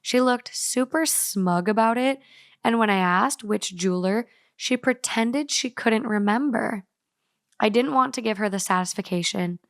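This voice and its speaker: A woman's voice: fairly high pitch, dry recording, clean studio sound. Woman co-host reading a story aloud. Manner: chatty, playful, reads in a brisk storytelling way. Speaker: podcast co-host.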